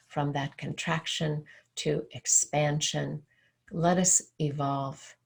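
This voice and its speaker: A woman spiritual teacher delivers a sermon in an unhurried, measured way. Her voice sits low and carries a gravelly edge. She tells her story calmly, like someone at ease with it. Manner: calm storytelling.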